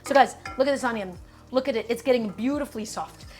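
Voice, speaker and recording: A woman's voice: a little high, fast talker, darkish tone, soft background music. A woman hosting a cooking stream, chatting casually and playfully to her viewers as she cooks. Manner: chatty and playful, often says "my friends".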